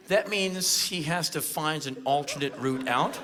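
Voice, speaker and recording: A man in his forties from the United States telling a comic story live on stage in a loud, punchy way. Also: on the high side, a little slow, crowd noise. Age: 40s. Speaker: spoken word performer.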